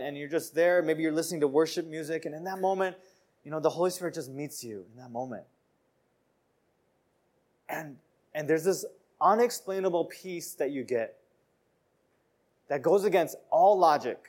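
A man delivering a sermon, his voice sitting a little higher than most men's. He talks earnestly and conversationally, often repeating phrases and stumbling over a word before going on. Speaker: preacher.

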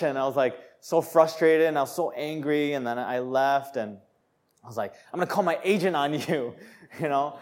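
A young man preaching a sermon, telling a personal story with laughter and rising to joyful shouts. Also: on the high side, moderate pace. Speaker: pastor.

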